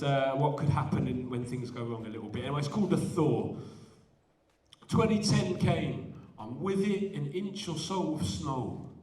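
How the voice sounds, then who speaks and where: Man performing spoken word poetry. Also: fairly high pitch. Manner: animated, self-deprecating between poems. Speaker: poet performing at a student event. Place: large indoor event hall. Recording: echoey hall, voice from a distance.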